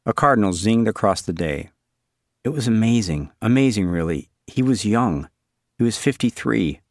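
A man with a low voice reads a literary story aloud, measured and wry, as if following a character's thoughts. The recording is close and dry, with no room sound. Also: animated, no room sound. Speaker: narrator. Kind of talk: scripted literary narration.

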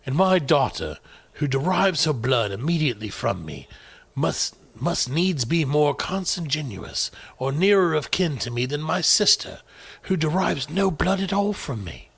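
A man putting on a British accent to play a stuffy reader of an old text, slow and mock-formal. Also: fairly high pitch, sing-song, gravelly, fairly bright tone, husky, heavily acted. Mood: mock-solemn. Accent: put-on British.

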